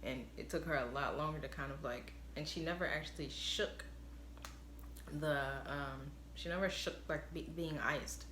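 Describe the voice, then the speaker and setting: A woman with a low, deep-set voice runs through a casual spoiler recap, chatty and rambling, dropping "like" and "obviously" all the time. Her voice bounces around a roomy space with a faint hiss underneath. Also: moderate pace, fairly bright tone. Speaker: vlogger recapping a TV episode. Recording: roomy echo.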